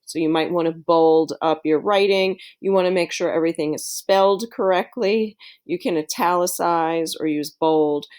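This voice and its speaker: A woman's voice: on the low side, a little mellow. A woman teacher giving a screen-recorded tutorial to her students in a friendly, chatty way, with plenty of fillers.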